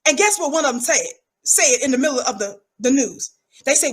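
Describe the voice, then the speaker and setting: A woman's voice: high-pitched, animated, brisk. A middle-aged woman, talking in an emphatic, preachy livestream monologue and repeating words for effect. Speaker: livestream commentator.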